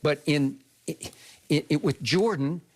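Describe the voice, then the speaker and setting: An older man holds forth as a sports debate host, his voice sitting a little high for a man. He builds his argument step by step, emphatic and insistent, and keeps checking for agreement with rhetorical questions. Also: unhurried, darkish tone.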